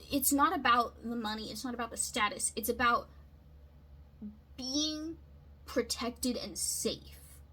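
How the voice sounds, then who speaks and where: Bright, husky-voiced woman essayist. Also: on the high side, poor audio. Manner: chatty, frequent checks like "right?" and "okay?". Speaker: video essayist. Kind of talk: casual literary analysis.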